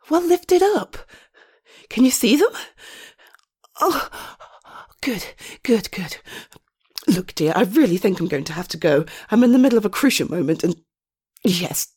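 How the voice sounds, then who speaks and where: A breathy, husky young woman, panting and out of breath as she talks. Her pitch swings widely from low murmurs up to high exclamations, and she keeps slipping into a soft whisper.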